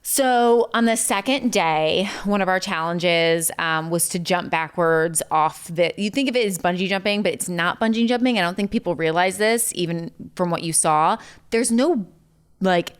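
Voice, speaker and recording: A woman's voice: fairly low pitch, moderate pace, smooth. A woman guest in casual chat, telling stories with many "like" fillers. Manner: chatty storytelling full of "like" fillers. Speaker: podcast guest.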